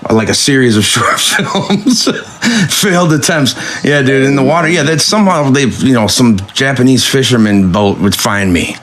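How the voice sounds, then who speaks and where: Young man, mid-pitched, lively swinging voice, playful story. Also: normal speed, slight background noise. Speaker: podcast co-host. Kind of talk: casual chat.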